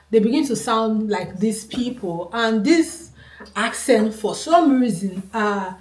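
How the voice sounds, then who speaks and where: A woman's voice: medium pitch, darkish tone. A woman from Nigeria with a Nigerian accent gives her opinion to camera in a casual talk. She is earnest and emphatic and repeats her points for stress. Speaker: vlogger. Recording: roomy echo.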